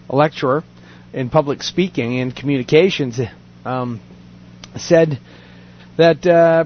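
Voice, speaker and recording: A man with a fairly high voice reads a story aloud in a relaxed chat. He pads his reading with fillers and quick asides. The recording sounds dull and lo-fi. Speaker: podcast host reading a news story. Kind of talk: casual chat.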